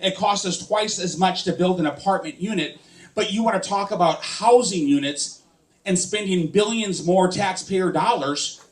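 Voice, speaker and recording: A man, a political candidate, giving an impassioned campaign speech and firing rhetorical questions at the crowd. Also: high voice.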